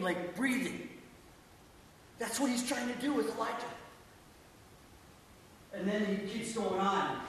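A male preacher delivers a sermon with emphatic repetition, rising loud and falling quiet. His voice sits fairly high. He is heard from far away in a hall with long reverb and a faint ambient hiss. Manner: emphatic, repetitive, swells then drops to quiet. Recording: echoey church hall from far off.

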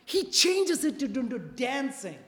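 A preacher giving a sermon in a church, repeating key phrases and often checking in with the congregation with a quick "right?" or "okay?". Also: sits high, big pitch swings, a bit bright. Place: church sanctuary. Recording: long reverb of a large hall.

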